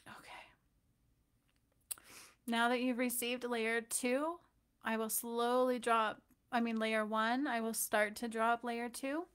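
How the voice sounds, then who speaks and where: A woman energy healer leading a guided healing meditation, talking softly and loosely with fillers and gentle check-ins. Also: on the high side, clear, resonant tone.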